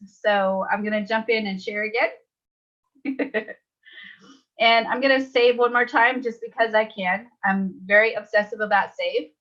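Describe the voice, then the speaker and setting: A woman's voice: mid-range voice, fairly even intonation, a little slow, a bit bright, muffled recording. A woman leading a live online webinar tutorial, chatty and upbeat, laughing easily. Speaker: webinar trainer.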